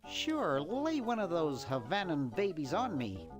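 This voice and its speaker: An easygoing young male game hero, relaxed in manner. His pitch moves in a lively way. Game music plays clearly under the lines. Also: unhurried. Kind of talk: game character dialogue. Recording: game audio over music.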